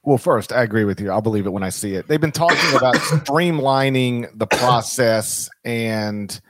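Halting man talking sports. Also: medium pitch, animated, heavy background noise. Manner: halting, repeats words, thinks aloud. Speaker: college basketball commentator. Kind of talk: casual podcast discussion.

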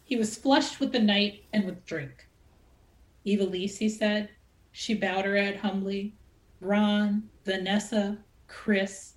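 A woman novelist reading aloud from her own novel with an expressive, dramatic delivery. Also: mid-range voice, measured pace. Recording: echoey room.

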